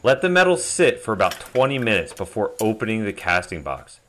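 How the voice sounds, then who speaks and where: A man calmly narrating a step-by-step metal casting tutorial as a voice-over. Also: fairly low pitch, a little fast, a little hiss or hum. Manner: calm step-by-step explaining. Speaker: DIY metal casting channel host.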